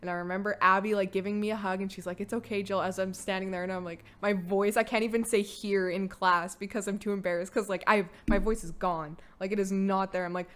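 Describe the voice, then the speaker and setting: A woman's voice: medium pitch, steady tone, fast, hardly any pauses. A young woman telling her own story on a podcast, candid and casual, full of "like" fillers and blunt swearing. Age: young adult. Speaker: podcast guest, host's daughter.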